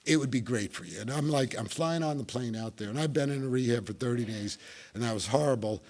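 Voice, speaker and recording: Telling his recovery story at a meeting, a middle-aged man with a New Jersey accent jokes wryly at his own expense. He's from New Jersey, and his mid-range voice is a little mellow, moving at a quick pace.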